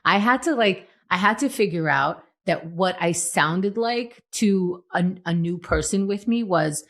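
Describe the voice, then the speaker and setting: A woman co-hosting a podcast in casual chat, playful and animated, acting out quotes. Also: on the low side, unhurried. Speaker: podcast co-host.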